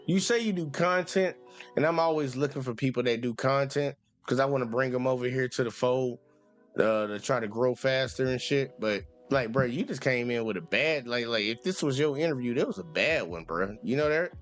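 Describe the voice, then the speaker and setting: A man's voice: medium pitch, normal speed, soft background music. A male host arguing bluntly with a caller on a call-in show, profane and talking over him. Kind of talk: heated call-in debate.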